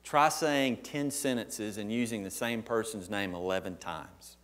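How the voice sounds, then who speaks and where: A man's voice: on the low side, unhurried, a bit bright. A man preaching a sermon as pastor, emphatic and posing questions to the congregation.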